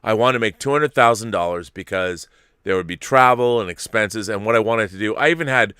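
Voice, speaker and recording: Casting: man, host of a casual talk show, bright forceful voice, dry close sound, lively storyteller who swears a lot. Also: on the low side, fairly quick, clean tone, no echo. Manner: animated, swearing, acts out the people in his story. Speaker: podcast host.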